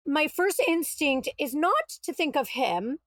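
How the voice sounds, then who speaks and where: Woman with a high voice telling her story, animated, dry close mic. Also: a little slow, no room sound. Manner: animated, quotes herself and others, exasperated retelling. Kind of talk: casual storytelling.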